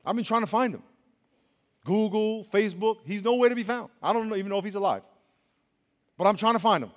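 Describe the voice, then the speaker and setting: A young man preaching as a youth pastor, animated and colloquial, swinging between loud and hushed. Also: high voice, fairly quick. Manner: colloquial, says y'all. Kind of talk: sermon. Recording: long reverb of a large hall.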